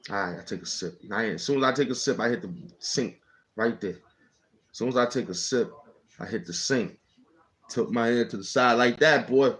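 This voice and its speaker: A man's voice: mid-range voice, normal speed, a bit bright, low-quality recording. A man casually telling a personal story in rambling street slang, often checking in with "you know what I'm saying".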